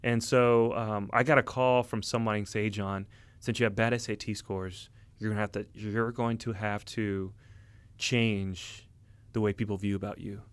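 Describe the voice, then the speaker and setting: A man in his thirties, telling his story as an interview guest in earnest, halting casual talk with many fillers. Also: on the low side, flat delivery, smooth, dry recording. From United States. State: emotional, near tears. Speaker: interview guest, Army officer. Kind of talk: casual conversation.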